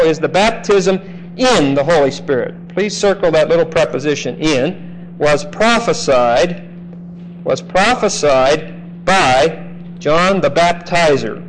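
A man lectures on scripture at a deliberate, unhurried pace. His voice sits a little high, and he stresses key words and checks in with his listeners. Faint noise hums in the background. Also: poor audio. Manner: slow, emphatic, checks in with "okay?". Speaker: Bible teacher. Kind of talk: classroom Bible lecture.

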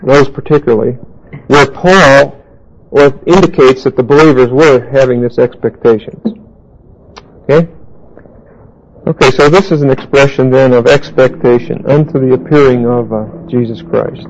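A man teaching a Bible class verse by verse, halting with fillers and restarts and putting questions to his listeners. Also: medium pitch, highs cut off, slight background noise.

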